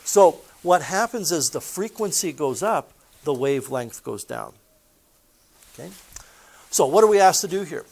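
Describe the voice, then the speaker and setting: A man teaching physics with a rather high-pitched voice. He talks in a relaxed, chatty way and keeps asking his listeners questions. He also slips in stories from his own life. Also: a little slow, vocal fry, long pauses. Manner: chatty, asks the audience questions, tells personal stories. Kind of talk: recorded classroom lesson.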